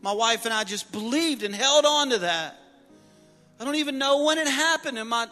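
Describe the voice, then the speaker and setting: A middle-aged man preaching a sermon, telling personal stories with humor and building to loud exhortation. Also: very high-pitched, expressive, moderate pace, soft background music. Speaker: pastor. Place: church sanctuary. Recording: long reverb of a large hall.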